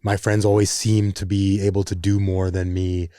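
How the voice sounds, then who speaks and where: A man telling his story in a reflective, measured way in a casual podcast conversation. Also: sits low, little pitch movement, dark tone, dry recording, clean studio sound.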